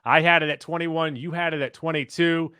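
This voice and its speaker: A man co-hosting a casual podcast chat, reading out rankings in a steady, list-like way. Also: a little high, brisk, smooth, no room sound, studio quality. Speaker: podcast co-host.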